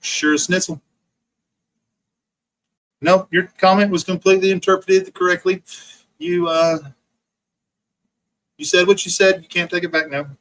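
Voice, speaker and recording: A man's voice: sits high, fairly even intonation, a little slow, pauses often, fairly bright tone, poor audio. A man ranting profanely on his livestream, mocking rivals over and over and answering chat comments. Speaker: livestream host.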